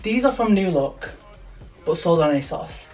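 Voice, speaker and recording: A young British woman talks through a try-on haul in a candid, exclamatory way, calling the viewer "hun". Her voice sits a bit low for a woman. She is picked up from a few steps back in an indoor room, with faint music in the background. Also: lively intonation, measured pace, a little mellow, distant mic. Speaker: vlogger. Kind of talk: casual try-on haul chat. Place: indoor room with a mirror and a stool.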